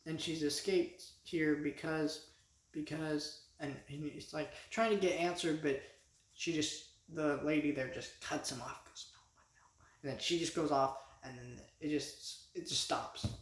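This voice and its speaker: A man's voice: on the high side, steady tone, measured pace, echoey room. A man giving a casual spoken review as a vlogger, rambling with many restarts and fillers.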